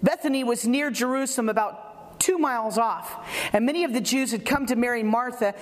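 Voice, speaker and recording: A woman preacher giving an animated, conversational sermon, acting out quotes and laughing often. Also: a little high, a little fast.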